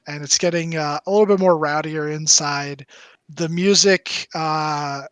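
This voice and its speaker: A man's voice: fairly high pitch, steady tone, measured pace, fairly bright tone, clear, resonant tone, no echo. A man narrating as game master of a tabletop game, rambling with lots of fillers and restarts.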